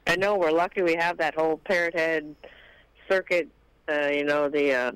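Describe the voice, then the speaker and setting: A woman's voice: low voice, fairly even intonation, moderate pace, smooth, no room sound, rough recording. A woman chatting on a radio show, rambling and hesitant, with many fillers. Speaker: guest co-host. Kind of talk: casual on-air chat.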